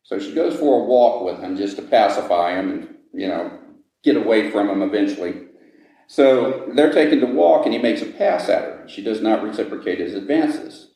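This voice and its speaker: A man's voice: on the low side, lively intonation, normal speed, warm tone. A man telling a ghost story to visitors inside an old jail, pacing it dramatically and lingering on grisly details. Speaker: ghost story teller and guide. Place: old jail building, indoors. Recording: echoey room.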